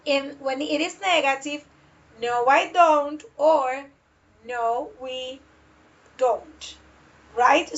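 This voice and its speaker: A woman leads an online English lesson, stretching out each model question. Her voice sits high and her pace is slow and deliberate. The audio is muffled and lo-fi. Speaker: English teacher. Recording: dull lo-fi audio.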